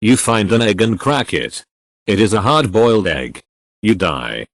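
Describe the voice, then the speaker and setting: A man reading funny text-adventure stories aloud with deadpan punchline delivery. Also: on the low side, unhurried, a little hiss or hum. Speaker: narrator.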